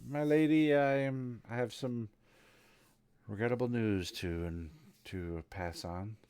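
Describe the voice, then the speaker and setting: A man voicing a female servant who delivers bad news in a hesitant, halting way. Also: medium pitch, darkish tone, clear, resonant tone, dry recording, close to an everyday voice. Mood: somber.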